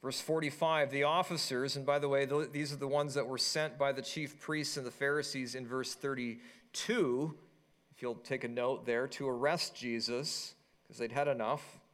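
A pastor preaching a sermon, reading scripture and retelling it in an animated, storytelling way. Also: male voice, medium pitch, normal speed. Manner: animated storytelling, acting out quoted voices.

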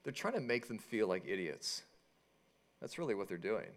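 A pastor preaching a sermon, reading scripture and retelling it in an animated, storytelling way. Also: male voice, on the low side, normal speed. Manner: animated storytelling, acting out quoted voices.

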